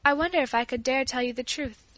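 A woman reading the part of a frail, brave young daughter, gentle and humble, in much her own voice. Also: sits high, fast talker, dry recording.

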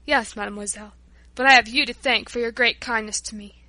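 A woman's voice: a little high, fairly even intonation, a little fast, pushed and bright, dry recording. A woman reading an audiobook, voicing a humble, repentant male Breton workman and former drunkard, with an earnest, pleading delivery. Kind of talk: audiobook narration.

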